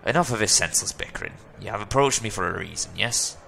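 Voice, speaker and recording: A man's voice: fairly low pitch, lively intonation, quick pace, gravelly, pushed and bright, a little hiss or hum, heavily acted. A man doing a smug, jowly old cafe regular. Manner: smug, drawling, relishes bickering. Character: jowly, amused older male coffee-shop regular. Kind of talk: reading a video game's dialogue aloud.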